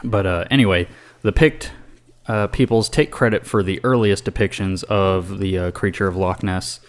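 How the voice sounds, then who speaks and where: A man's voice: low-pitched, normal speed. A man co-hosting a casual podcast, rambling with lots of fillers and swearing. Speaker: podcast co-host.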